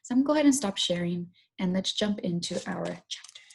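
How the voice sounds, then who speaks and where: A woman teacher leads a recorded online lesson, going through vocabulary words, repeating each one and inviting students to say it with her. Her voice is gravelly and husky, and she explains in loose everyday phrasing with frequent restarts. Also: on the low side, expressive, quick pace. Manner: repeats words and asks students to say them along.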